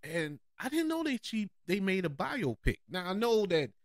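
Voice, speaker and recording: A man's voice: high voice, big pitch swings, normal speed, no room sound, studio quality. A man hosting a casual movie preview show, chatty and often laughing. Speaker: podcast host.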